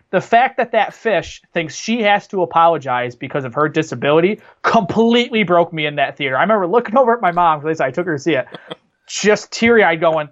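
A man talks through a film he loves in an enthusiastic, rambling way, his voice sitting a little high for a man. The recording is dull and lo-fi, as if the highs were shaved off. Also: expressive, a little fast, a bit bright. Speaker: podcast co-host. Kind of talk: casual movie discussion.

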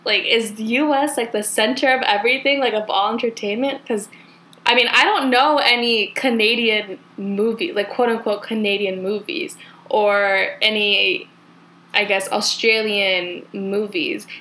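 Californian girl in her 20s, bright voice, rambly chatty podcast talk full of "like". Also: medium pitch, fairly even intonation, measured pace, low-quality recording. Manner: chatty, heavy use of "like". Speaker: podcast host. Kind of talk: casual chat.

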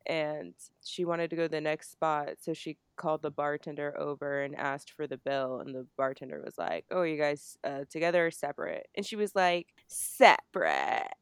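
A young woman from New Jersey tells a story on a podcast, speaking low and smooth in a dry, close recording. She is animated and swears a lot, acting out the people she quotes. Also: fairly quick, few pauses, no echo. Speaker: podcast co-host. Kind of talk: casual storytelling.

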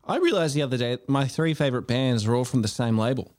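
Co-host, mid-range voice, relaxed, short answers. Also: male voice, mid-range voice, quick pace. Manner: laid-back, short answers. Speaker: podcast co-host. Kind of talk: casual chat.

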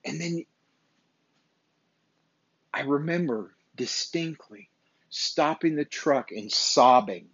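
This podcast host has a slightly high, animated voice with a touch of brightness and a breathy edge, and he speaks slowly with frequent pauses. He runs a motivational show and talks bluntly and emphatically, swearing and repeating himself. The recording is dull, dry and lo-fi.

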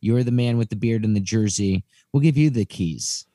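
A man's voice: lowish voice, normal speed, dark tone, no echo, studio quality. A man co-hosting a podcast in loose, jokey chat that often trails off and restarts. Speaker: podcast co-host.

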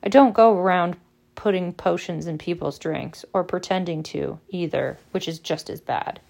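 A woman reading aloud and voicing a clever teenage schoolgirl witch who explains things briskly and scornfully. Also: fairly low pitch, vocal fry, a little mellow.

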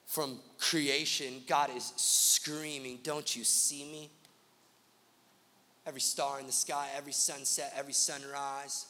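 A man's voice: mid-range voice, sharp tone, big-room sound, a little hiss or hum. A man pastor preaching a sermon, driving his points home with rhythmic repeated lists.

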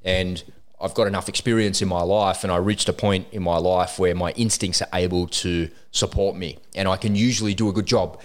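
A very low-voiced man hosts a podcast interview. He talks casually and reflectively, drifting from thought to thought. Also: steady tone, brisk. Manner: reflective, rambling. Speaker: podcast host.

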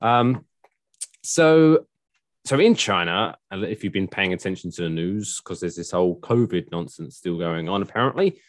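Casting: sarcastic, rambling male podcast host, low voice, dry mic. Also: expressive, a little fast, dry recording. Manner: rambling, sarcastic, swears freely. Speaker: podcast host telling news stories. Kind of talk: casual chat.

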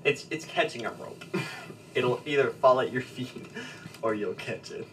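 A man narrating as game master of a tabletop role-playing game, relaxed and hesitant, with fillers and chuckles. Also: mid-range voice, measured pace. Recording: distant mic with faint background noise.

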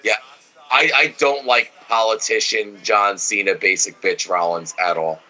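A man's voice: fairly low pitch, steady tone, measured pace, sharp tone, rough recording. A man co-hosting a casual podcast, watching wrestling and giving blunt, opinionated takes full of swearing. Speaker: podcast co-host.

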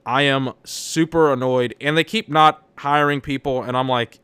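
A man's voice: medium pitch, fairly even intonation, moderate pace, few pauses, fairly bright tone, clear, resonant tone, no room sound. A young man hosting a solo podcast, ranting about his job in a profane, exasperated, rambling way. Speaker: podcast host. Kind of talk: solo venting rant.

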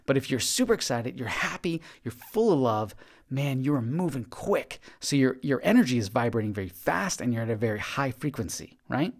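A man's voice: medium pitch, big pitch swings, normal speed. A man hosting a podcast, giving an earnest, encouraging motivational monologue and often repeating his words. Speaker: podcast host.

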